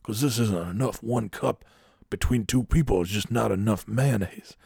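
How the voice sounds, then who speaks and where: Man putting on a slow-drawling aggrieved coworker. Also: fairly low pitch, creaky, a little mellow, husky, no echo, studio quality. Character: fixated man coworker griping about mayonnaise.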